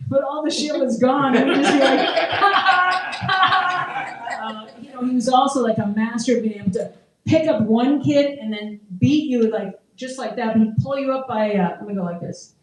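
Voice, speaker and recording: Woman, middle-aged, stand-up comedian, chatty, self-deprecating, slightly high voice, distant mic, echoey room. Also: fairly quick, darkish tone, a little hiss or hum. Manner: conversational, self-deprecating, laughs at own jokes. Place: open mic comedy show.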